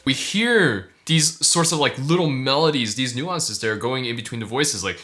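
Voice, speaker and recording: A man, a pianist, gives casual, enthusiastic reaction commentary on a performance, full of fillers and excited outbursts. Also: medium pitch, moderate pace. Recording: piano music playing behind.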